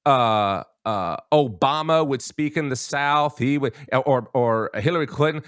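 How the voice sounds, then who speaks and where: A man's voice: medium pitch, measured pace, hardly any pauses, a bit bright, clear, resonant tone, dry recording, clean studio sound. A man hosting a talk show, giving an emphatic opinion monologue and talking straight to his listeners as folks. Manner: emphatic, addresses listeners as folks, many restarts.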